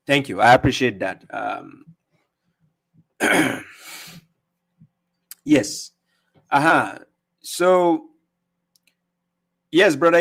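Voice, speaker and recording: A man hosting a live stream, talking casually and greeting viewers by name, laughing often. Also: mid-range voice.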